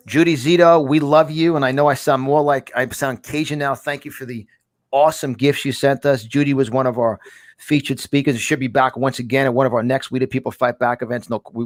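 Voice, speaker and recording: A man hosting a talk podcast, speaking excitably with many restarts and repeated words. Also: medium pitch, no echo, studio quality. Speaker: podcast host. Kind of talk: casual talk show chat.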